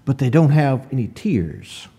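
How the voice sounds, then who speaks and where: A man's voice: medium pitch, very animated, mellow, breathy edge. A man preaching a sermon, reading old-fashioned scripture aloud and asking his listeners rhetorical questions. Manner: slow, deliberate preaching with rhetorical questions and swells of emphasis.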